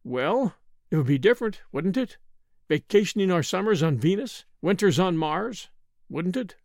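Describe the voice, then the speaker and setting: A man's voice: sits high, lively intonation, normal speed, a little mellow, dry recording, clean studio sound. A man voicing a fussy, easily bewildered wife. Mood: sweet, bewildered.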